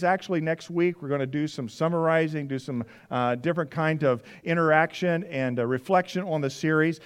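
A pastor preaching a sermon in a church, talking to the congregation in a conversational way, repeating key phrases and acting out little scenes. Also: male voice, a little high, clear, resonant tone. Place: church sanctuary.

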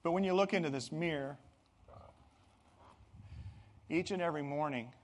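A middle-aged male pastor delivering a sermon in a slightly high voice. He speaks earnestly and swings from soft, low asides up to loud, emphatic peaks. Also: quick pace. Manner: earnest, rising to emphatic bursts.

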